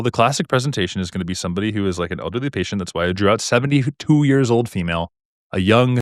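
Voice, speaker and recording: A man's voice: on the low side, no echo, studio quality. A young man teaching medical exam topics in a chatty, joking lecture style, full of rhetorical questions. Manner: fast, chatty, jokey, asks rhetorical questions. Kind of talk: casual recorded lecture.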